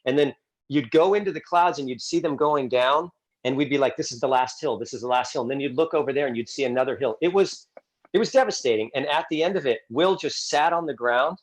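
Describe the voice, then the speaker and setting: A man co-hosting a podcast, telling stories in a lively way, often repeating words, in casual chat. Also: fairly high pitch, brisk. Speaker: podcast co-host, gym coach.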